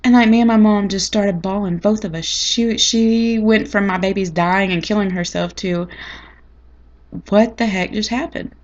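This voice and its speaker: A woman's voice: medium pitch, steady tone, normal speed, hardly any pauses, lo-fi sound. A woman telling a personal story in a chatty, dramatic, folksy way. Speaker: vlogger. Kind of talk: casual storytelling to camera.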